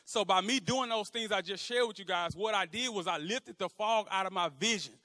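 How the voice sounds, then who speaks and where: A man's voice: sits high, a little fast, pushed and bright. A man from Houston giving a motivational stage speech, rallying the crowd and leading call-and-response chants in a large event room. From Houston, Texas. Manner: fired-up, rallying the crowd, repeats phrases. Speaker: motivational speaker. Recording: long hall reverb with a crowd.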